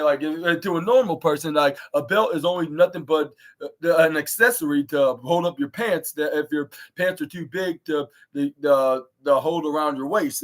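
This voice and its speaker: A man's voice: fairly high pitch, a bit bright, low-quality recording. A man hosting a podcast, recapping a wrestling show in a rambling way with many fillers and restarts. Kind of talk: casual recap.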